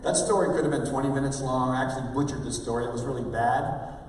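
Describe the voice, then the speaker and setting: A man giving an energetic motivational talk on stage, calling for replies from the audience. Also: mid-range voice, fast talker, slight background noise. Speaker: motivational speaker. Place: large hall with a live audience. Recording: echoey hall, mic at a distance.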